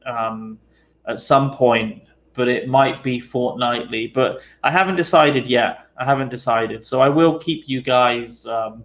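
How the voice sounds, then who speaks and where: A young man from the United Kingdom hosting a live stream, chatting casually with viewers, tired and relaxed, with lots of fillers. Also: medium pitch. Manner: relaxed, chatty, many fillers, laughs easily.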